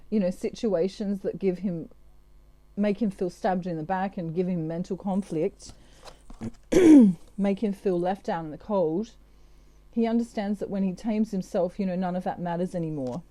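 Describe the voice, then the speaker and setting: Chatty woman with a very dark voice. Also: mid-range voice, unhurried, dry recording. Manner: chatty, with frequent fillers and asides. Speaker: tarot reader. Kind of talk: casual channelled tarot reading.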